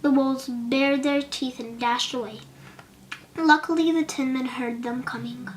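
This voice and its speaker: High-voiced lady reading a kids' audiobook, slow and expressive. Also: a little hiss or hum. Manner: slow, expressive, occasional slips. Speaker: audiobook narrator. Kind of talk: storybook narration for children.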